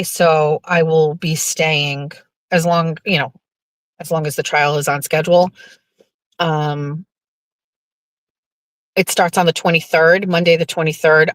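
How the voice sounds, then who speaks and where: A talkative woman, rambling freely and swearing often as she hosts her own show. Her voice sits on the lower side and the sound is dry and close, with no room around it. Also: a bit bright, no echo. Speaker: host. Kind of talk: casual chat reading viewer comments.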